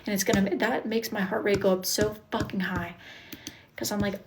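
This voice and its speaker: A woman's voice: mid-range voice, fairly even intonation, fast talker, background noise. Stressed young woman venting on a live stream. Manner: frustrated, swears freely, reads viewer comments aloud and answers them. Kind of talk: casual live-stream chat.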